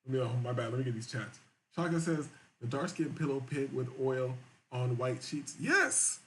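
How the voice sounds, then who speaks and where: A man's voice: mid-range voice, animated, normal speed, fairly bright tone, a little hiss or hum. A man hosting a live-stream show, reading viewer chats aloud and reacting in crude, rambling, repetitive casual talk.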